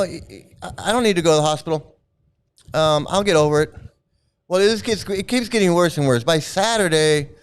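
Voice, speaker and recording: A man with a high-pitched, smooth voice, a former member, casually recounts his experiences, rambling and chuckling often as he tells his personal story.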